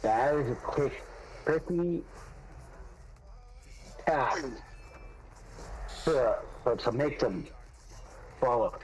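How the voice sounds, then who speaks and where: A man in casual gaming voice chat, talking earnestly about working with people, with halting restarts. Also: mid-range voice, expressive, darkish tone, slight background noise, poor audio. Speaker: foreman talking in game voice chat.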